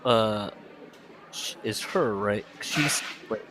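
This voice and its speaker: A man's voice: fairly low pitch, slow pace, background noise. A man co-hosting a book podcast, recapping the plot and reading passages aloud in a loose, joking way. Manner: swearing, laughing, acting out lines from the book. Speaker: podcast co-host.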